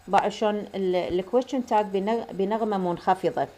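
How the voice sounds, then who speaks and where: Slow-drilling English teacher. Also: female voice, mid-range voice, a little mellow. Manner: slow careful model sentences, quick asides in Arabic; repeats phrases for drilling. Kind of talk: bilingual classroom lesson.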